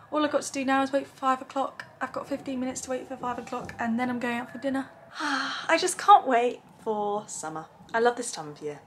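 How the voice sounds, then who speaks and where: A woman's voice: on the high side, fairly bright tone, slight background noise. Bubbly young woman vlogging. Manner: chatty, bubbly, self-deprecating asides. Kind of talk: casual vlog chat to camera. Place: hotel room.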